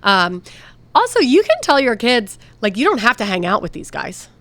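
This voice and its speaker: Middle-aged woman advice co-host, chatty, a bit high-pitched, restarts a lot. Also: very animated, normal speed, a bit bright. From Philadelphia area. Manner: chatty, restarts often when making a point. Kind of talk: casual TV advice chat.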